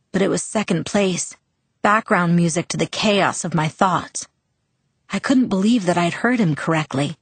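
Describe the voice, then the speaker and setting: A woman reading a novel aloud in the first person, measured and expressive. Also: lowish voice, no echo. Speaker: audiobook narrator.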